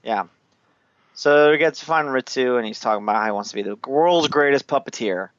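Laughing as he goes, a man loosely recounts a movie's scenes in casual, heavily profane chat. His voice is medium-pitched, fairly quick and slightly bright, recorded dry with dull audio.

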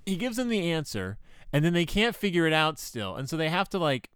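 Homme sarcastique, voix lisse et animée. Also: male voice, fairly high pitch, very animated, brisk, a bit bright, clear, resonant tone, dry recording, studio quality. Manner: sarcastic, rambling, many "like" asides. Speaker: podcast host reviewing children's books. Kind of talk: casual comedic commentary.

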